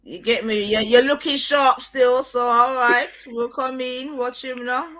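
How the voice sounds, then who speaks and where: A man's voice: extremely high pitch, steady tone, unhurried, bright, forceful tone. A man with a London accent hosting a casual group livestream, bantering in slangy, easygoing talk. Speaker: livestream host.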